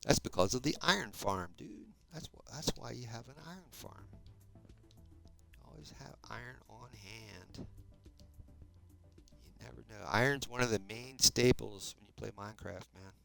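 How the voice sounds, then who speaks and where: A South Jersey man in his fifties, with the local accent, chats casually with viewers while streaming Minecraft, often tossing in "dude" and "man." His mid-range voice moves at a moderate pace with vocal fry and a fairly bright tone, over soft background music.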